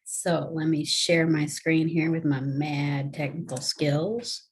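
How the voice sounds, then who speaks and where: A woman teaches a casual lesson from home. Her low, husky voice moves along in a chatty, folksy way, walking through each idea one step at a time. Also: steady tone, slow. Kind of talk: casual classroom video lesson.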